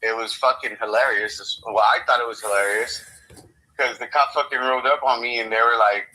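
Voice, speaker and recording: A man's voice: mid-range voice, fairly even intonation, brisk, bright, forceful tone, low-quality recording. A young American man on a podcast, rambling and swearing as he tells a story, acting out both sides of a conversation. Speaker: podcast co-host. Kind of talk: casual chat.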